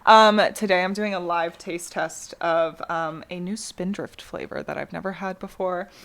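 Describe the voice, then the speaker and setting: A woman's voice: on the low side, fairly even intonation, moderate pace, fairly bright tone. A young woman co-hosting a podcast, chatting casually and jokingly from an apartment, with lots of fillers and laughter. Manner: giggly, joking, rambling with fillers. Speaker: podcast co-host. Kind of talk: casual chat. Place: apartment with traffic outside.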